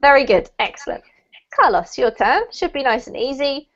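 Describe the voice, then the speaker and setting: A high-voiced woman teaches pronunciation over a video call, patient and encouraging. She spells out the emphasis carefully, and the audio comes through dull and lo-fi. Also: lively intonation, moderate pace, fairly bright tone. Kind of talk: online class drills.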